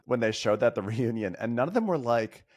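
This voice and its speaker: Animated man with lively pitch. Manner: animated, mimics others in quick impressions, laughs often. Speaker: guest podcaster. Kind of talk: casual chat.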